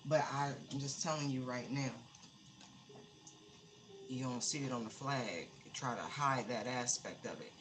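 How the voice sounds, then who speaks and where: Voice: medium pitch, unhurried, pauses often, over music, low-quality recording. A tarot reader giving a casual, emphatic live-streamed reading, often repeating words for stress.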